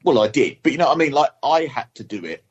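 A man's voice: medium pitch, lively intonation, quick pace, slightly rough, dull audio. A man chatting casually on a video call, telling a self-deprecating story about a repair. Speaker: podcast guest. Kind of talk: casual chat, anecdote.

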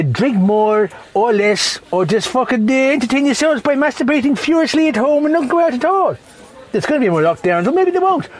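High-pitched swearing Irish man, ranting. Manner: rambling, constantly swearing, tipsy. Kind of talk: profane comedic rant.

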